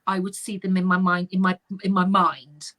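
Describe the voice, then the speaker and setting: A middle-aged woman, a spiritual medium telling an animated story in casual chat. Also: lowish voice, normal speed. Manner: animated anecdotal, chatty with fillers.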